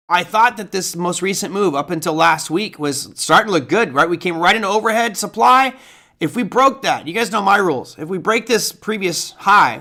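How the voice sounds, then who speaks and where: A man's voice: on the high side, bright, forceful tone. A middle-aged man hosting a live market analysis stream, chatty and casual as he walks through charts and answers viewer questions. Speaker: trading stream host.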